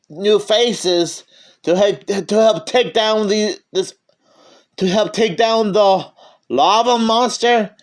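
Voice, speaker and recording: A man giving a casual movie review, stammering and often restarting his sentences. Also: sits high.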